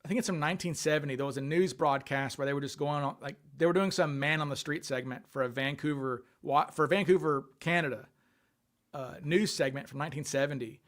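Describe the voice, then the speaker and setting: A man's voice: a little high, brisk, fairly bright tone. A man hosting a casual livestream, thinking aloud and answering questions from viewer chat. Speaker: livestream host.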